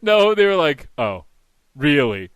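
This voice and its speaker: A man hosting a wrestling talk podcast, telling stories in a wry, deadpan way in casual chat. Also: on the high side, unhurried, smooth, dry recording. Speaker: podcast host.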